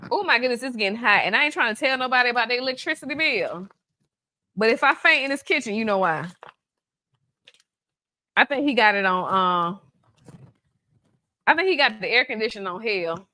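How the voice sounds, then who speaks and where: A woman's voice: a little high, expressive, a little fast, pauses often, sharp tone. A woman from Atlanta, hosting a live cooking demo in a chatty, playful way, teasing her viewers. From Atlanta, USA. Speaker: cooking show host, baker.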